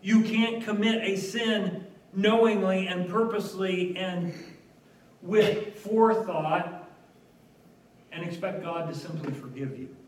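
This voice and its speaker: A man delivers a sermon in a fairly high voice, earnest and emphatic, dropping in the odd wry aside. The sound is roomy and echoing, as in a church, and he stands some way back from the microphone. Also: takes it slowly, long pauses, slight background noise. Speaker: preacher. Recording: echoey room, voice from a distance.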